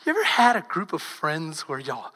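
A woman pastor with a Texan accent, preaching a sermon as lively storytelling that swings from loud to hushed. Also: low-pitched, moderate pace, slightly rough, big-room sound.

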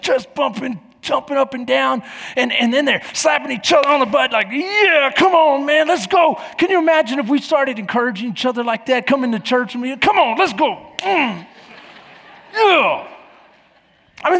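A man in his forties preaching a sermon as pastor, telling stories with lively acted-out voices and shouts. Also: very high voice, creaky, slightly rough, long reverb tail. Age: 40s. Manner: animated storytelling, acting out voices and shouts. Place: church.

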